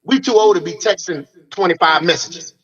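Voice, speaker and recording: A middle-aged man hosting a casual conversation, speaking bluntly and acting out the exchanges he describes. His voice sits a little high for a man, and the live-stream audio sounds dull and lo-fi. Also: fairly quick, a bit bright. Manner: blunt, profane, acts out quoted exchanges. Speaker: host.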